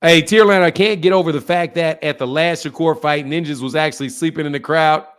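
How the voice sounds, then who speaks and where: A man hosting a boxing livestream, ranting at viewers in a profane, confrontational and animated way. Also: fairly high pitch, fairly quick, clear, resonant tone. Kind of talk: heated livestream rant.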